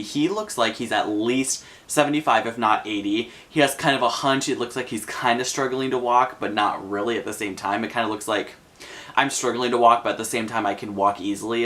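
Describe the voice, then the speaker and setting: A man's voice: mid-range voice, fairly bright tone. A young man casually recounting a personal story for his vlog, chatty and full of fillers. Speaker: vlogger.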